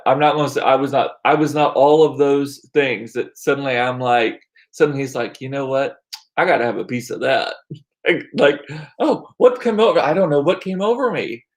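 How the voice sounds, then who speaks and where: A man in his forties chatting casually with his stream viewers, telling rambling stories full of asides and restarts. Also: mid-range voice. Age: 40s. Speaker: livestream host reading chat.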